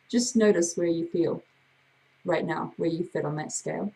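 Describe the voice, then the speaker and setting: A woman hypnotherapist with a gravelly voice, leading a slow, soothing guided breathing exercise. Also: lowish voice, warm tone, poor audio. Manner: slow, soothing, drawn-out guidance.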